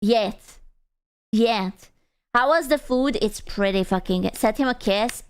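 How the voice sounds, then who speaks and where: A young adult woman streams and chats with her audience in a casual, teasing way, with crude jokes along the way. Her voice sits high and comes through clean and smooth. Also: a little slow. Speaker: VTuber streamer.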